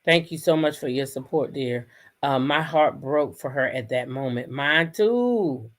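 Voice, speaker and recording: A woman hosting a casual commentary stream, reacting to a clip with exclamations. She speaks straight to her viewers in an animated, chatty way. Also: a bass voice, unhurried. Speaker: host.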